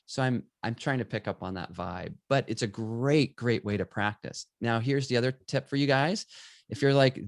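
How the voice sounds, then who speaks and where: A middle-aged man, a photographer and guest, telling stories in conversation and acting out bits of dialogue with lively energy. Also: fairly low pitch, moderate pace, vocal fry, no room sound, clean studio sound. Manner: animated, acts out quoted dialogue. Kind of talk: conversational storytelling.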